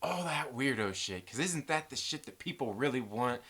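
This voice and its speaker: A man's voice: medium pitch, lively intonation, normal speed, fairly bright tone, breathy edge. A man hosting a casual live stream from home, chatting and reading out viewer messages with a loose, joking manner. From American West Coast. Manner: chatty, reads out viewer messages and jokes around.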